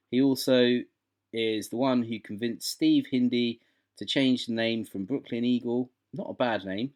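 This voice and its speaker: A low-voiced man co-hosts a relaxed podcast. He talks with eager enthusiasm and wanders through his points, piling up side remarks as he goes. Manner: enthusiastic, rambling. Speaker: podcast co-host. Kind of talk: casual chat.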